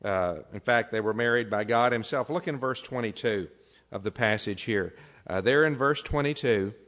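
Heard through dull, low-fidelity audio, a pastor's sermon starts with scripture read aloud before building into emphatic preaching. His voice is medium-pitched and slightly bright, at a normal speed.

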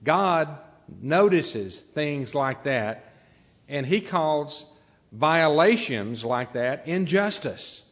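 A man preaching a sermon, pausing often with "uh" and building to emphatic peaks. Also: on the high side, animated, a bit bright, big-room sound, highs cut off. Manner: unscripted delivery with frequent "uh" pauses, building to emphatic peaks.

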